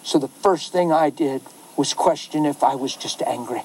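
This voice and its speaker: Animated pastor, man with a higher voice. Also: moderate pace, slight background noise, poor audio. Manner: animated, laughs often, acts out quoted voices. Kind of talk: storytelling talk.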